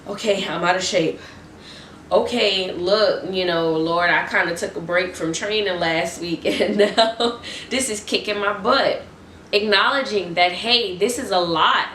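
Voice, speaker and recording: A woman giving an excited, restless motivational faith talk to her viewers, repeating her refrains. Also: mid-range voice, measured pace, slight background noise. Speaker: Christian vlogger. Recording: roomy echo, distant mic.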